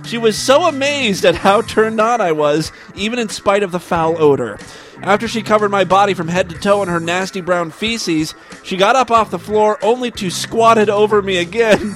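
High-voiced man reading a story aloud. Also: fairly bright tone. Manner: wry asides between read passages. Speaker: podcast host.

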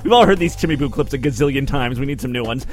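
Animated sarcastic male comedy podcast host. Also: mid-range voice, racing, faint music behind. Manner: rambling, sarcastic, jumps between loud and mumbled. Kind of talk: comedic monologue.

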